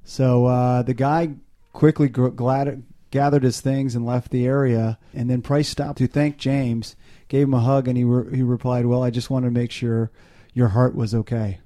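A young man hosting a casual podcast, talking in a relaxed, halting way with many fillers. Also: mid-range voice. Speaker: podcast host.

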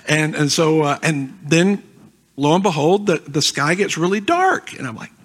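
A man's voice: on the high side, sing-song, moderate pace, fairly bright tone, slightly rough. A middle-aged man, a guest pastor, telling a funny self-deprecating story in a sermon.

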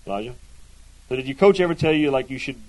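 A man's voice: mid-range voice, animated, fast, rough recording. A man teaching a Bible class in a chatty way, often asking his listeners questions and checking in with "right?". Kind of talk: conversational Bible lesson to a class.

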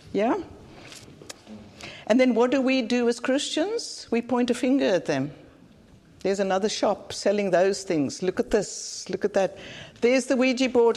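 A woman's voice: mid-range voice, darkish tone. A South African woman preaching a conference sermon in an earnest, plain-spoken way, often repeating phrases for emphasis. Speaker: conference speaker.

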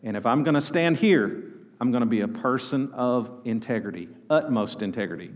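With animation and a moderate pace, a medium-pitched male pastor preaches and prompts his congregation to call back. Long hall reverb from the church sanctuary fills the recording.

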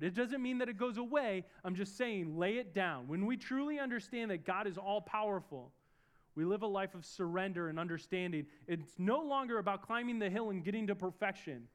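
A man's voice: high voice, lively intonation, normal speed. A young man preaching a sermon in church, earnest and storytelling, building up to emphatic peaks as he prays. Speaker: pastor. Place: church service in a room.

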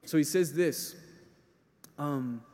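A man preaching a sermon in a lively, animated way, acting out the voices of the people he quotes. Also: a little high, takes it slowly, long reverb tail.

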